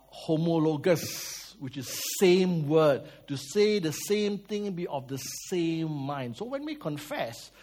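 A man preaches. His voice sits a little high for a man. He tells lively stories, swings between loud and soft, and asks his listeners questions. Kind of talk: sermon.

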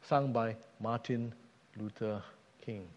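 A man's voice: mid-range voice, steady tone, slow, darkish tone. Male preacher, emphatic sermon delivery, muffled sound with hall reverb. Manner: earnest, emphatic, rhetorical questions.

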